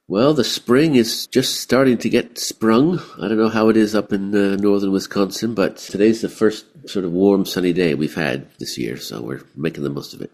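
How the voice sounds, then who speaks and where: A man's voice: fairly low pitch, normal speed, hardly any pauses, darkish tone. A man from the UK with a mixed British and American accent, an easygoing and self-deprecating guest talking over a video call. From United Kingdom. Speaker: guest activist and author.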